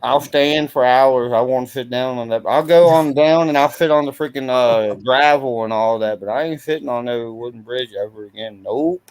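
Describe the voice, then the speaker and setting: A man's voice: medium pitch, moderate pace, hardly any pauses, darkish tone, smooth, no echo, poor audio. A man speaking bluntly in a casual group chat, using folksy, emphatic phrasing.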